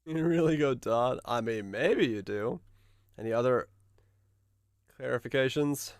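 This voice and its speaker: With a mid-range voice at a measured pace, a live streamer reads out game notes and thinks them over aloud. He often trails off, starts again mid-thought, and curses in surprise. The recording is dry and clean, studio quality.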